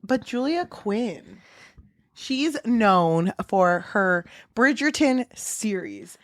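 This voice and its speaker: Animated, playful woman podcast co-host. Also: mid-range voice, extremely slow, dry recording, studio quality. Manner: playful, dramatic, laughs often. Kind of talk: casual chat.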